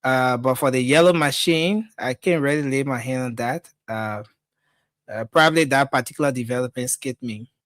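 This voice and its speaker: A man's voice: medium pitch, moderate pace, fairly bright tone, dry recording. A man co-hosting a casual political talk show, answering hesitantly with fillers.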